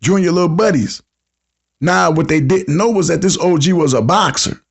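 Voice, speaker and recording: Guy in his 50s running a call-in podcast, kinda high voice, slangy, acts out everybody he's quoting. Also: normal speed, vocal fry, a little hiss or hum. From United States. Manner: storytelling slang-heavy, acts out quotes. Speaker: podcast host. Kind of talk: casual call-in podcast talk.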